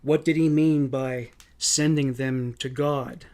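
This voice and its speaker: A man's voice: mid-range voice, fairly even intonation, takes it slowly, darkish tone. A man reading as a blunt pressing detective. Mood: stern. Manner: blunt, accusing questions. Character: pressing male police detective.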